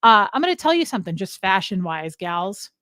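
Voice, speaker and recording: With a sing-song, fairly quick delivery and a sharp tone, a woman with a medium-pitched voice hosts a casual live chat, drifting between topics and greeting viewers by name. Clean studio sound, no echo.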